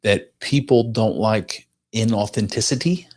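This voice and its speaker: Male podcast co-host, lowish voice, earnest, rambling delivery. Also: measured pace, a little mellow. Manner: rambling, many restarts and fillers, earnest. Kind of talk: casual chat.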